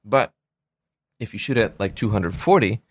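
A man's voice: on the low side, expressive, normal speed, slightly rough, no room sound. A middle-aged man, a filmmaker guest, telling stories in casual chat, rambling with many fillers and restarts.

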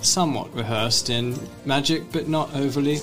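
An Australian man playing a tabletop game, talking in a hesitant, halting way. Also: mid-range voice, a bit bright, faint music behind. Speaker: player. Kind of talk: casual chat.

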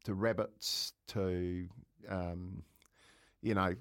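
A middle-aged man with a New Zealand accent, telling a lively story in casual radio chat and laughing as he goes. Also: low voice, extremely slow, clean tone. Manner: animated storyteller, laughs often, calls people mate.

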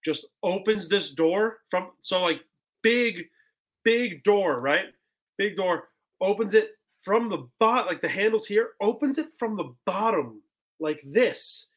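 A young man telling a story on a podcast, casual and animated, acting out what people said with lots of "like" and "bro". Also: high-pitched, takes it slowly. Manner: animated, acts out quotes, heavy "like" and "bro". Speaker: podcast guest.

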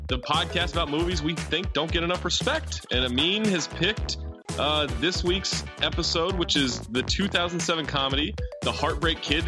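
A man hosting a movie podcast, reading intros and credits in a brisk listing way. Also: fairly high pitch. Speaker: podcast host. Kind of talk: casual podcast movie chat.

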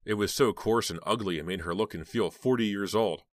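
Deep-voiced man reading a horror audiobook. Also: fairly quick, no echo. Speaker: audiobook narrator.

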